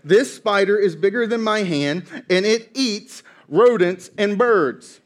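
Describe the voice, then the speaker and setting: A man preaching a sermon, telling a story with playful, animated asides. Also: high-pitched, takes it slowly. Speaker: pastor.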